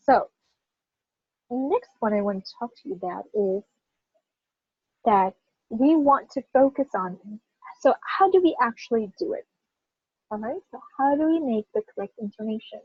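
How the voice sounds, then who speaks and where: Emphatic, higher-voiced woman teaching pronunciation. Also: slightly rough, no room sound, narrow, tinny audio. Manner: animated, emphatic, checks in with "right?" often. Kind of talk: classroom lesson.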